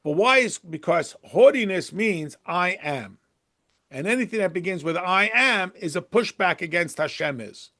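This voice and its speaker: A man teaching a Torah class in a lively, conversational way, firing off rhetorical questions and acting out quotes in a raised voice. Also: high voice, normal speed.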